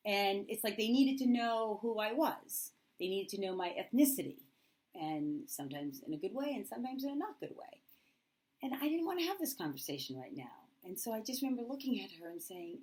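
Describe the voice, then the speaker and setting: A woman's voice: mid-range voice, big pitch swings, normal speed, a little mellow. A teacher speaking straight to camera, telling a personal story with candid feeling and acting out remembered dialogue in her own voice. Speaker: middle school teacher.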